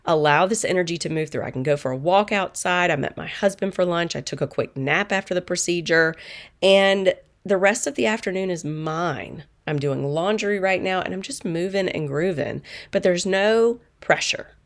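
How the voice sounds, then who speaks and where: A middle-aged woman who works as a manifestation coach, telling a personal story in a calm, earnest and reflective way. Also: on the low side, normal speed.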